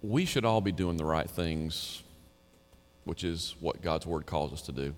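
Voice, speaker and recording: A male pastor preaching a sermon in an emphatic, conversational style, at times dropping quiet and low. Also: a little slow. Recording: reverberant hall.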